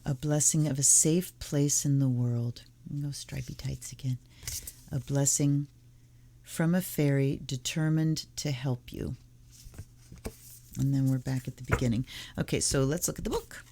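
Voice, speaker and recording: A woman hosting her own tarot channel, casually reading aloud from a card deck and its guidebook, slowly and softly, half-whispering some card titles. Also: very deep voice.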